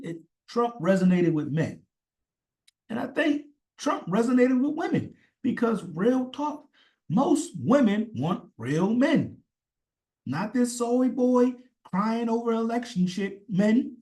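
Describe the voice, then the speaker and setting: A man's voice: extremely high pitch, big pitch swings, unhurried, dark tone. A man ranting in a casual, rambling way, swearing often and stressing his points hard. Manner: rambling, profane, emphatic. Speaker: commentator. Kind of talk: casual opinion rant.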